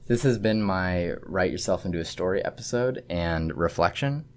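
A male student giving a halting, thoughtful spoken reflection on his assignment. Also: low voice, expressive.

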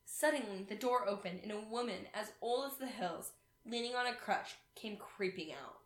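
A woman's voice: medium pitch, moderate pace. Woman reading a fairy tale, echoey room. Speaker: reader. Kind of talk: fairy tale read-aloud.

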